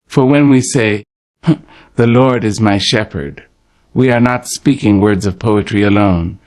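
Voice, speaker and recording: Deep-voiced man reading a poetic prayer. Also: darkish tone. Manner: slow, rhythmic, preacherly delivery with pauses; tender, pastoral address to the listener. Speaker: prayer narrator. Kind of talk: poetic morning prayer narration.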